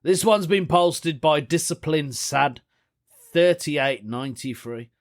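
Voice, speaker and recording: A man's voice: a little high, takes it slowly. A young man, hosting a casual solo podcast, chatty and rambling, laughing often at his own jokes. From United Kingdom. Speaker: podcast host.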